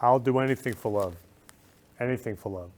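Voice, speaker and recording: A man's voice: mid-range voice, very noisy. Effusive, emotional male talk host. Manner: effusive and emotional, bursts of loud exclamation; slow, solemn reading of a prayer. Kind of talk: casual talk show hosting.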